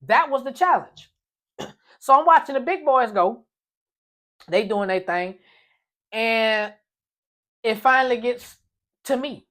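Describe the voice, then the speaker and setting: A man telling a comic personal story in a story time vlog, animated and playful. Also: very high-pitched, slow pace, long pauses.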